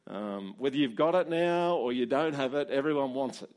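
A man's voice: medium pitch, normal speed, a little mellow. A man preaching a sermon as pastor, conversational, with rhetorical questions and fillers.

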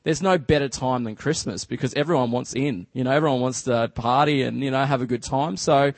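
An Australian man giving a church talk as a relaxed, chatty story, full of fillers like "just" and "you know". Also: medium pitch, a little fast, no echo. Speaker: church speaker. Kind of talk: casual storytelling sermon.

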